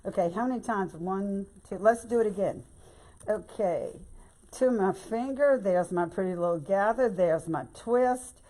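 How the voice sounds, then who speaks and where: A woman talks viewers through a craft step by step in a relaxed live-stream tutorial. Her manner is chatty and folksy, full of "y'all" and "babe". Her voice sits at a middle pitch. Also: a little slow. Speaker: bow-making instructor.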